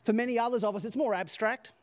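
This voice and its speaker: Male preacher with a higher pitch and an animated, joking delivery full of rhetorical questions. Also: fast talker. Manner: animated storytelling, rhetorical questions, laughs at own jokes. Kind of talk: sermon.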